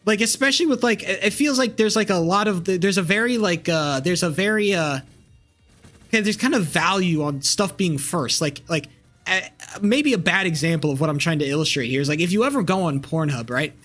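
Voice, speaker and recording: A man's voice: high voice, expressive, fairly quick, a bit bright, faint music behind. A young man streaming live, rambling casually with crude language and lots of fillers and restarts.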